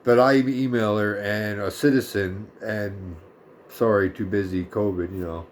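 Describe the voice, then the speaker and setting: A man's voice: lowish voice, fairly even intonation, unhurried, a little hiss or hum. Brief: man, 30s, casual vlog rant, sarcastic, cusses a lot. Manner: blunt, profane, sarcastic. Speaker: vlogger. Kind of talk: casual ranting story.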